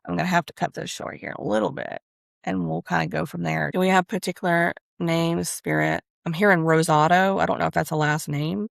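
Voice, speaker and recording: A woman with a very gravelly, fry-heavy voice gives a casual spiritual reading, rambling and confiding as she tells a personal story. She pauses to speak aloud to spirit as she channels messages. The sound is dry and close, with no room echo. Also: fairly low pitch, steady tone. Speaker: spiritual reader and channel host.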